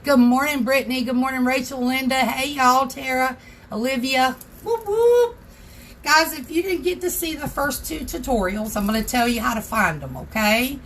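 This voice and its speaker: A chatty woman hosts a casual craft tutorial livestream from her home craft room. Her voice sits fairly high, and she greets viewers by name as she works. A faint background noise runs under the recording. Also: moderate pace, a bit bright.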